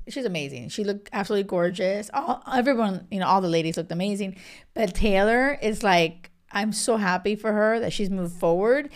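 Chatty woman gossiping about a show. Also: medium pitch. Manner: animated, gossipy, lots of fillers and quoted asides. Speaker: reality TV recap host. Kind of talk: casual chatty recap.

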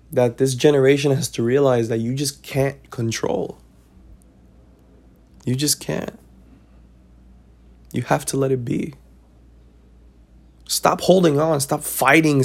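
A man with a creaky, mid-range voice hosts a podcast, offering casual life lessons in a preachy, repetitive way while constantly asking "right?".

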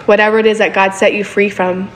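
A woman's voice: mid-range voice, flat delivery, fast talker, slight background noise. A woman preaching a sermon in a casual, conversational way, often checking in with her listeners for agreement.

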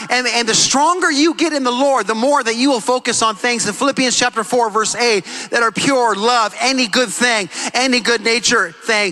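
A man's voice: very high-pitched, fairly quick, hardly any pauses, bright, forceful tone, poor audio. A middle-aged man preaching a sermon as pastor, emphatic and repetitive, acting out quotes.

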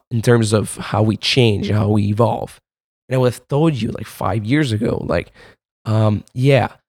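A male podcast host thinks out loud in a loose, rambling monologue, piling up fillers and casual swearing. His voice sits at an ordinary middle pitch. The recording is close and dry, with no room echo. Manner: rambling and profane, with frequent fillers and laughs.

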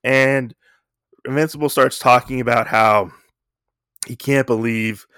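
A man's voice: medium pitch, fairly even intonation, measured pace, fairly bright tone, clear, resonant tone, no room sound, studio quality. A young man casually retelling a comic story in a rambling way, with many fillers. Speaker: comic book reviewer. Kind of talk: casual chat.

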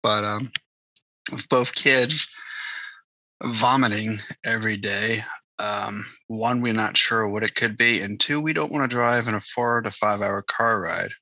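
A man with a very bright, tense voice and a husky edge. He chats hesitantly on a podcast, with many fillers. The sound is dry and close. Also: fairly low pitch, fairly even intonation, unhurried, dry recording, rough recording. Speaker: podcast co-host. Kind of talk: casual chat.

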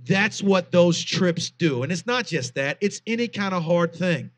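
A man in his thirties, a guest author telling a personal faith story in earnest, animated conversation, with frequent fillers. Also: sits high, a little slow.

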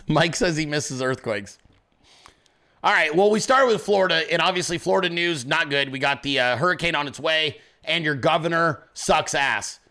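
A political commentary show host rants at his audience in blunt, crude, casual speech. His voice is a little high, pushed and bright, at normal speed.

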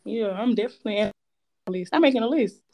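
A woman with co-hosting a casual chat, animated and slangy, laughing often. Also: mid-range voice, fast talker.

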